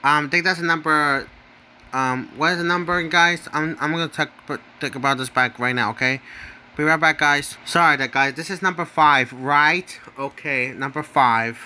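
Guy with a bright highish voice rambling slow about his fave channels, keeps saying "right?", mixes up names. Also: slight background noise. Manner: stumbles over names and corrects himself. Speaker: channel host. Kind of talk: casual screen commentary ranking users.

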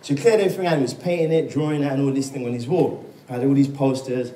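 A man's voice: mid-range voice, fairly even intonation, quick pace, warm tone. A man preaching a sermon, telling his testimony as a story, acting out the dialogue and calling out for amens. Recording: echoey room, mic far off.

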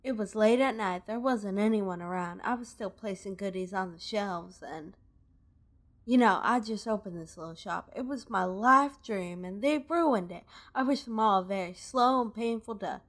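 A woman's voice: medium pitch, moderate pace, close to an everyday voice. Weepy Southern shopkeeper lady from a game, read live by a woman player, dramatic and plaintive. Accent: put-on Southern US. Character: tearful robbed female wasteland shopkeeper. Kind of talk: live dub of game dialogue.

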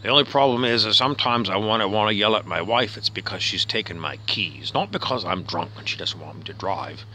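A man's voice: fairly low pitch, animated, a little fast, few pauses, pushed and bright, a little hiss or hum. A man playing a rambling, grumpy middle-aged outback husband, talking himself through his gripes and sometimes muttering. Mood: musing. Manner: rambling, self-questioning, drops to a muttering whisper. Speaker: comedian. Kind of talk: comic character monologue.

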